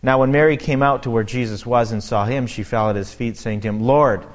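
A man preaching through a scripture passage in a mid-pitched voice. He reads each verse and then talks it over in a loose, conversational way, thinking aloud as he goes. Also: fairly quick. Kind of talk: verse-by-verse Bible teaching.

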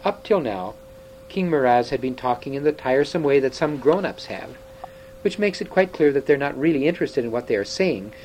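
A man narrating a children's story aloud in a lively, expressive manner. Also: medium pitch, a little fast, slight background noise, low-quality recording.

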